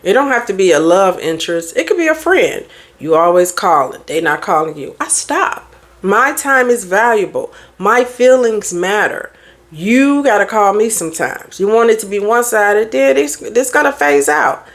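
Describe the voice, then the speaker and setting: A woman's voice: medium pitch, normal speed. A middle-aged woman therapist and life coach, giving blunt, preachy motivational advice in a casual talk. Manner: blunt, animated, preachy advice with mimicked quotes.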